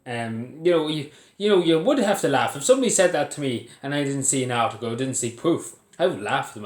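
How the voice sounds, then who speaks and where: An angry young Irish vlogger talks at his camera from home, a little fast and animated, with hardly any pauses in his mid-range voice. He swears and laughs bitterly at the events he relates. An echoey room and a sideways phone or camera shape the recording.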